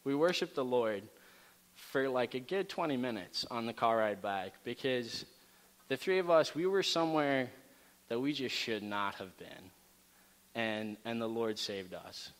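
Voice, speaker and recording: A man speaking in a relaxed, chatty storytelling voice, full of fillers and asides. He has a medium pitch, and the sound is a long, reverberant hall. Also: unhurried. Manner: animated, casual storytelling with many fillers. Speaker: campus ministry speaker. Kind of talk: storytelling sermon talk.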